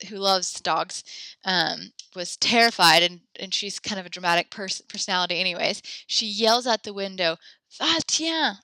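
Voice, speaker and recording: Bright upbeat woman teaching French. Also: mid-range voice, clean tone, dry recording. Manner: upbeat, encouraging, chatty with fillers. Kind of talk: online class lesson.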